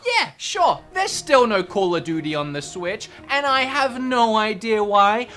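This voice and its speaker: A man hosts a casual gaming video, tossing in sarcastic jokes and chuckling at himself. His bright voice swoops up and down in pitch, with soft music playing underneath. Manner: joking, sarcastic asides, laughs at own jokes. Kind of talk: casual gaming list commentary.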